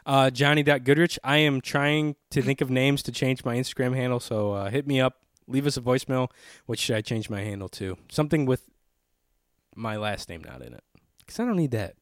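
A man's voice: mid-range voice, fairly quick, no room sound, studio quality. A young man co-hosting a casual podcast, laughing often and swearing freely. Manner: laughs often, loose and profane. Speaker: podcast co-host.

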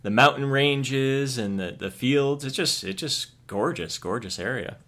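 A man's voice: medium pitch, a little slow, fairly bright tone. Host: man from Canada, mid-range voice, easygoing and talkative, casual interview. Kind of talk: casual podcast chat.

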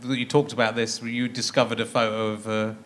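A man's voice: on the low side, level tone, fast talker, fairly bright tone. A man hosting an interview podcast on stage, stopping and restarting his questions and laughing easily. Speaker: podcast host. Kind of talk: casual interview chat. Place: live theatre stage.

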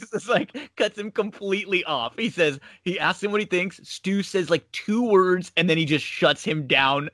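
A man's voice: sits high, moderate pace, hardly any pauses, fairly bright tone, no room sound, clean studio sound. A man in casual conversation who trails off and restarts his sentences often. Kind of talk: casual chat.

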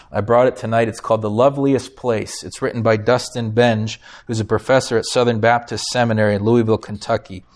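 A man preaching a sermon as pastor, emphatic, lifting his voice on key phrases and putting questions to the congregation. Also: lowish voice. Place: church sanctuary.

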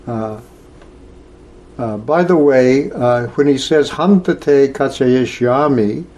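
A man leads a scripture lesson at a very slow pace, stopping often and filling the gaps with filler sounds. His voice sits at a middle pitch, and a faint background noise runs under it. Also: vocal fry, a little mellow. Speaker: scripture teacher. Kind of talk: lecture on scripture.

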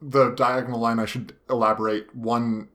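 Male podcast co-host, jokey banter, mid-pitched everyday voice. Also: level tone, moderate pace, pushed and bright. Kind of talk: casual chat.

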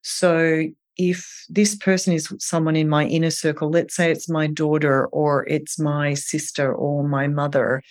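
A calm clinician guest talking through advice gently and earnestly, laying things out one step at a time in a voice of middle pitch. The delivery is steady, caring and patient. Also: a little slow, hardly any pauses. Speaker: eating disorder clinician guest. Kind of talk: advice in an interview.

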